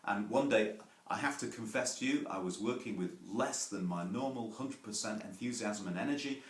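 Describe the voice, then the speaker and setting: A man preaching a sermon, telling homely stories with asides and gentle self-deprecating humour. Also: lowish voice, normal speed, roomy sound.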